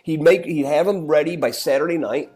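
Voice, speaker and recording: A man's voice: on the high side, brisk, darkish tone, breathy edge, soft background music. A man telling a rambling story in casual chat, with many restarts as he goes. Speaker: podcast co-host.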